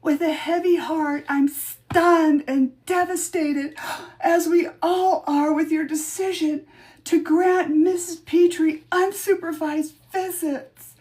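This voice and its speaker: A woman putting on a shrill, self-righteous letter writer. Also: fairly even intonation, slow pace, darkish tone. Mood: indignant. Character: indignant woman writing a scolding letter. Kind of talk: dramatic reading.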